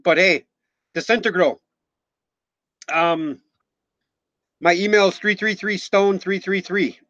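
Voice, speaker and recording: On a casual live stream, a Minnesota man in his forties jokes and rambles in a Minnesotan accent, occasionally swearing and thanking viewers by name. His voice is high-pitched, slow, and fairly bright, recorded without echo yet slightly muffled and dull.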